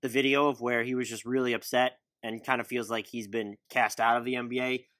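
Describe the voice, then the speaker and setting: A man hosting a casual sports podcast, talking in an animated way and firing off questions. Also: medium pitch, brisk, dry recording. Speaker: podcast host.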